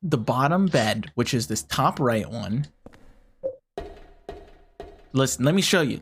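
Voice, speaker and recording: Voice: medium pitch, expressive, slow, pauses often, faint music behind. Frustrated, swearing game streamer. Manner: frustrated, swears often, talks through a puzzle aloud. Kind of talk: casual live gameplay commentary.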